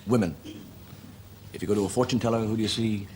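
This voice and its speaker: A man, a comedian hosting, delivering a stand-up monologue and telling jokes briskly while voicing the characters. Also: fairly low pitch. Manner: brisk, animated joke telling with voiced characters. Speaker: comedian host. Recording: old TV recording with audience noise.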